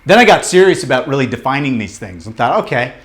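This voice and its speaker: A man coaching a live group in a motivational workshop, talking bluntly and emphatically, with casual swearing and rapid questions to the room. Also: mid-range voice, sing-song. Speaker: business coach leading a training.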